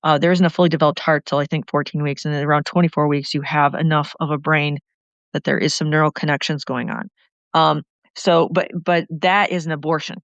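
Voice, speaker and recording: A woman's voice: sits low, fairly even intonation, brisk, vocal fry, no echo. A woman talking about politics in a passionate, rambling way that keeps running on. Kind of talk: impassioned political talk. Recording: dull lo-fi sound.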